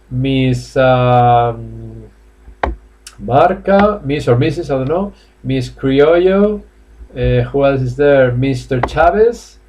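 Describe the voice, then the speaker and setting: Chatty Spanish-accented English teacher. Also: male voice, medium pitch, darkish tone, slight background noise. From Spain. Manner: chatty, coaxing, laughs often, many fillers. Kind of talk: live online class. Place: classroom or office indoors.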